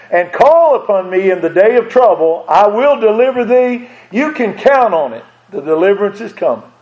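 A man's voice: high voice, a little mellow. A man preaching a sermon in an earnest way, repeating phrases and asking his listeners direct questions. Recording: dull lo-fi recording.

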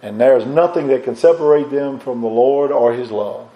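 A man preaching a sermon with a fervent, repetitive cadence, climbing higher and louder on emphatic points and dropping low and soft on reflective ones, with halting restarts. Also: muffled recording. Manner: rises in pitch and force on emphatic points, drops low and soft on reflective lines.

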